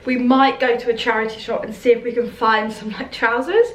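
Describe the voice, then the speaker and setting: Bubbly young woman vlogging on a phone, slightly high voice, roomy sound. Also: fairly even intonation, fairly quick. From United Kingdom. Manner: chatty, bubbly, laughs often. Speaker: travel vlogger. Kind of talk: casual vlog chat. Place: hotel room. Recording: echoey room, faint background noise.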